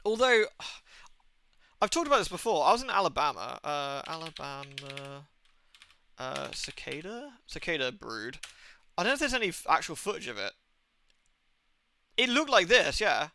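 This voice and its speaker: Bright-voiced British man rambling casually. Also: a little high, sing-song, moderate pace, pauses often. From Britain. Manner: rambling, anecdotal, swears freely. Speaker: game streamer. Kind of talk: casual gaming stream chat.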